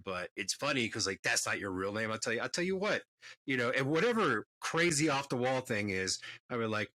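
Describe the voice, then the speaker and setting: A man's voice: mid-range voice, animated, fairly quick, bright, forceful tone. A man co-hosting a podcast, giving blunt opinions in casual chat. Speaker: podcast co-host.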